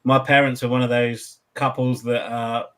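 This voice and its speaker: An English man in his forties, a guest telling his story in a relaxed, earnest way. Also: medium pitch, normal speed. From England. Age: 40s. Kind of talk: casual chat.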